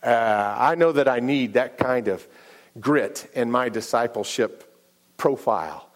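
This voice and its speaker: Animated male pastor preaching. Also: mid-range voice, measured pace. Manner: animated and repetitive, many restarts, acts out dialogue. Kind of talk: sermon storytelling.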